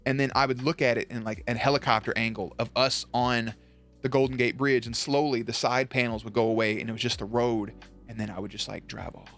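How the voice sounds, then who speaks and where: Excitable profane man streaming. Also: faint music behind. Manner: animated, profane, quick to jump in pitch. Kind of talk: casual live-stream chat.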